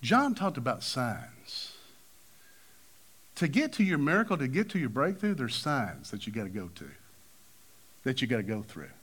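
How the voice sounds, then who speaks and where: A man's voice: moderate pace, pauses often, breathy edge. A man preaching a sermon, acting out the people in his stories with big swings of voice. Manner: animated, acts out quoted figures with big pitch swings.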